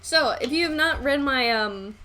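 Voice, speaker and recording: A woman's voice: sits high, expressive, normal speed, pushed and bright. A young adult woman chatting casually to her live-stream audience in a rambling way, with frequent ums and self-conscious laughs.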